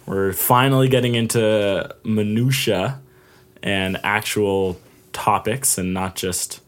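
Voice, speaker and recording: A man's voice: fairly low pitch, takes it slowly. A man co-hosting a casual podcast, bantering and laughing often with his co-host. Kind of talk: casual chat.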